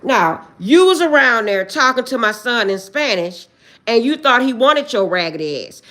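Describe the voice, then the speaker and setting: A woman's voice: a little high, animated, unhurried. Upset woman in her 40s on a phone livestream, voice jumps all over, close to tears. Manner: agitated, swings between shouting and tearful prayer. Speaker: livestream host. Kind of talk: emotional livestream rant.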